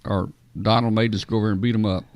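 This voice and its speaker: A man hosting a casual radio roundtable, folksy and often clearing his throat. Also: fairly low pitch, level tone, fast talker, darkish tone, no room sound. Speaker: host.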